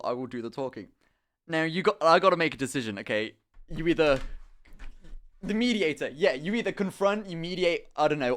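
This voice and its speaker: A young man chats to his stream with a slightly high voice, swearing and restarting his sentences as he rambles through a story. He sounds animated and casual, stepping off into asides as he goes. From England. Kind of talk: casual storytelling to a live chat.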